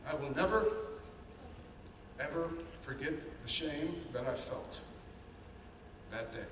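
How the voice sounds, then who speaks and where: A man with a fairly high voice tells his own story with earnest candor, acting out the anxious voices in his head. He sounds set back from the mic. A long hall reverb and a faint room hum hang around every word. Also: animated, slow. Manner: candid, earnest storytelling with quoted inner voices. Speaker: speaker sharing his story. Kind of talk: personal testimony talk. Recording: echoey hall, mic at a distance.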